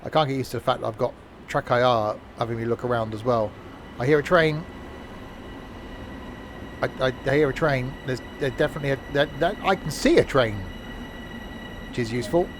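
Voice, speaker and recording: A man's voice: mid-range voice, brisk, pauses often, background noise. A man streaming a train simulator, talking in casual, rambling commentary full of fillers and self-mocking asides, from a home setup.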